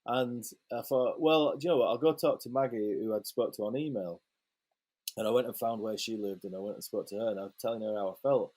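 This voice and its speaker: A man's voice: lowish voice, fast. Sweary man telling stories. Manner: lively, sweary anecdote-telling with acted-out quotes. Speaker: photographer guest. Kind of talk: casual storytelling interview.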